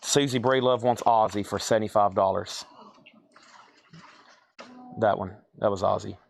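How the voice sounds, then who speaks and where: Sorting items indoors during a live online auction, a man announces prices and buyers' names while thinking out loud. His voice is on the low side, steady, creaky, and a little slow.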